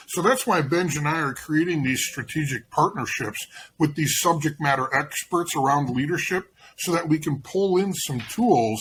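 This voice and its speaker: A man's voice: a little high, normal speed, few pauses, a bit bright, a little hiss or hum, rough recording. A man speaking as a guest on an interview, rambling with many restarts as he explains his coaching approach. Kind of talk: casual interview conversation.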